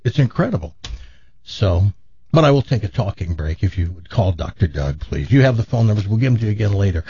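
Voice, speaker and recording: A man hosting a radio talk show, telling a long joke in a casual, animated way, his jaw sore after dental work. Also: fairly low pitch, a little fast, breathy edge, dull audio. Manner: animated joke-telling, laughs at own story.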